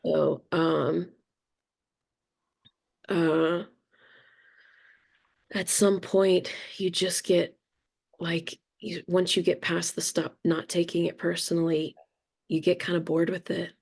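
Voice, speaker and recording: Slow, gravelly middle-aged woman. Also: fairly low pitch, flat delivery, a little mellow. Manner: candid, rambling, swears casually. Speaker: spiritual reader sharing experience. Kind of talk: casual reflective talk.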